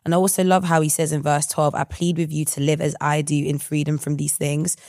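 A podcast co-host in a casual Bible study chat, lively and slangy, speaking enthusiastically about scripture. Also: mid-range voice, a little fast, dry recording, studio quality.

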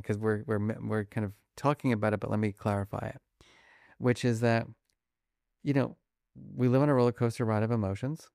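A man being interviewed about his research, talking quickly and acting out little scenes as examples. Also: fairly low pitch, gravelly, dry recording, studio quality. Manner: animated, fast-talking, acts out examples. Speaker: guest, emotion researcher. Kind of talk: conversational interview.

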